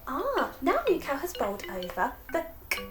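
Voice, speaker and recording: A woman's voice: sits high, huge pitch swings, moderate pace, loud music behind the voice. A young woman hosting a children's phonics lesson, cheerful and encouraging, laughing often. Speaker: phonics teacher and host.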